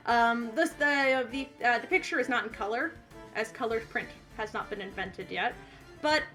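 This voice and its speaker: A woman's voice: on the high side, normal speed, bright, forceful tone, soft background music. A woman narrating as game master of a tabletop game, hesitant and full of fillers.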